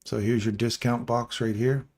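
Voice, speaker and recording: A man's voice: medium pitch, fairly even intonation, normal speed, background noise. Chatty middle-aged man coaching traders. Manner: chatty, rambling coaching with jokey asides. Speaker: trading stream host. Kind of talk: casual live trading walkthrough.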